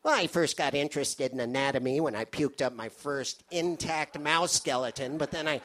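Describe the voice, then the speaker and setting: A man's voice: on the high side, moderate pace, fairly bright tone, close to an everyday voice. Man doing a smug know-it-all owl.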